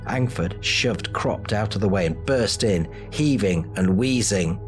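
A man giving dramatic, measured narration of a fantasy audiobook. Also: fairly low pitch, expressive, soft background music.

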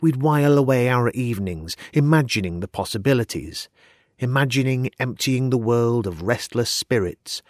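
A man narrating a first-person ghost story in a calm, measured, slightly unsettling way. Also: mid-range voice, dry recording, studio quality.

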